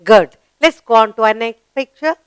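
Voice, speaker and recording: A woman with an Indian English accent teaching a children's grammar lesson, asking questions, answering them herself and praising in a drawn-out, sing-song way. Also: on the high side, smooth, no echo.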